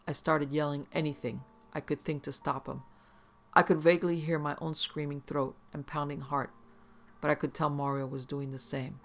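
A man's voice: a little high, flat delivery, moderate pace. A man narrating a first-person horror story in an intense, profane, vivid way.

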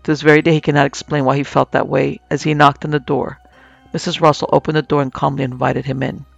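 A man narrating a scripted horror story in a slow, measured way as podcast host. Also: on the high side, little pitch movement, vocal fry, no room sound, faint music behind.

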